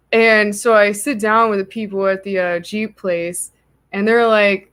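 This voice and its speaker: A young woman hosting a livestream tells a story in a chatty, animated way, packing it with "like" fillers. Her voice sits on the high side at a normal speed.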